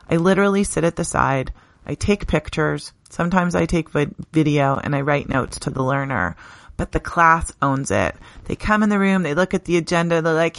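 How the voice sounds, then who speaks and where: A middle-aged woman, a teacher talking earnestly and warmly about her work in an interview, laughing often. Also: low-pitched, gravelly, no room sound. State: briefly tearful. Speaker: teacher, podcast guest. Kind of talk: conversational interview.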